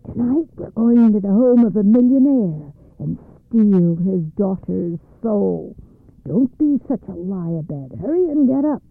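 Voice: mid-range voice, expressive, a little slow, gravelly, no room sound. A storyteller voicing an impatient, greedy male evil spirit in a read-aloud folktale, urging and bossing in a raised voice. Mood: urgent. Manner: urgent, bossy. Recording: dry, phone-like narrow band.

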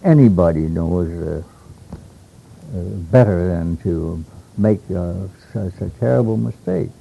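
An older man from Alaska recalling old stories in a rambling, halting way, with many hesitations and chuckles, on a dull lo-fi tape. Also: low voice, gravelly, slight background noise. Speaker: interviewee. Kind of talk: oral history reminiscence.

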